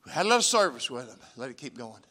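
A man's voice: mid-range voice, big pitch swings, racing, sharp tone. A man, a missionary preacher telling a testimony in a church sermon, folksy and emphatic. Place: church sanctuary.

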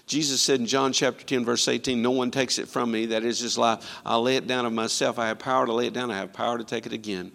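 Male preacher, sermon, bright forceful tone, rising and falling from loud to soft, big hall reverb. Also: mid-range voice, steady tone, fairly quick, vocal fry. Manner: dramatic swings from loud to hushed, quoting scripture.

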